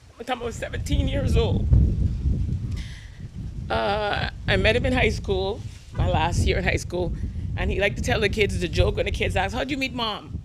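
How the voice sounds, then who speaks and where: A woman's voice: mid-range voice, fairly even intonation, normal speed, pauses often, background noise. A woman in her fifties giving a eulogy for her husband, telling fond stories while fighting back tears. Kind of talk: personal eulogy, storytelling.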